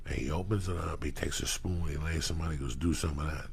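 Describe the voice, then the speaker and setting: Deep rough-voiced guy, middle-aged, swearing a lot, telling wild stories. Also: fast, a little hiss or hum. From New Jersey. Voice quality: gravelly. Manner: profane, animated storytelling with acted quotes. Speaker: storyteller guest. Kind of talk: casual storytelling.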